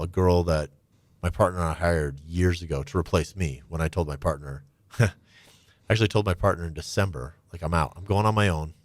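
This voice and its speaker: A middle-aged man telling his own story candidly and reflectively, his voice often trailing off soft and low. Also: no room sound. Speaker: guest.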